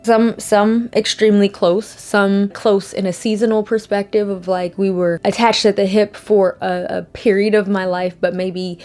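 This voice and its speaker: A young woman vlogging to camera, speaking candidly and rambling, fighting back tears at times, acting out quotes in animated voices. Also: medium pitch, moderate pace, few pauses. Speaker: YouTuber. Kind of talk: casual vlog talk to camera.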